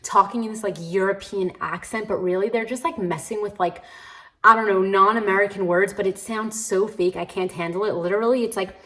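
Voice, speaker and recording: A woman hosts a casual book vlog at a middling pitch. She rambles in a chatty way, full of "like" and "basically", and speaks her criticism frankly. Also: fairly even intonation, a little fast, a bit bright, poor audio. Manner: chatty and candid, with many "like" fillers. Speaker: book vlogger, host. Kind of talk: casual reading-vlog chat.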